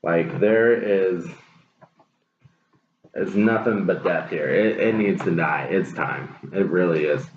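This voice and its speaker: Deep-voiced blunt man reading tarot. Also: slow pace. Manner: blunt and profane, repeats phrases for emphasis. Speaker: tarot reader. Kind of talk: casual tarot reading to camera. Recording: roomy, dull lo-fi with clear hiss.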